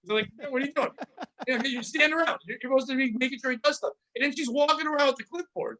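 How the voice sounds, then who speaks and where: A man hosting a casual comedy podcast, rambling through work stories with animated retellings. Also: extremely high pitch, fast, slight background noise. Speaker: podcast host.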